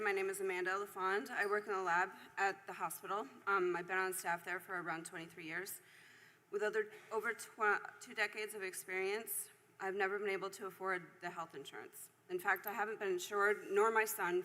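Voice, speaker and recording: Earnest woman with a bright voice. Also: mid-range voice. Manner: earnest, slightly nervous. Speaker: hospital lab worker. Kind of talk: read public comment. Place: city council chamber.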